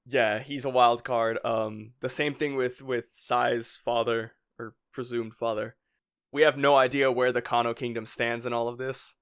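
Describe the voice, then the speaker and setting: A man's voice: medium pitch, level tone, a little slow, fairly bright tone, smooth. A man co-hosting a casual fan podcast, rambling through his points with lots of "like" fillers and frequent chuckles. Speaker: podcast co-host.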